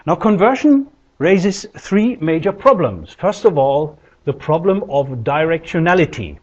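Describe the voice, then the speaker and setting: A man giving a measured, explanatory linguistics lecture, with deliberate pauses. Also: fairly high pitch, lively intonation. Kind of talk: recorded university lecture. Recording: dull lo-fi lecture recording.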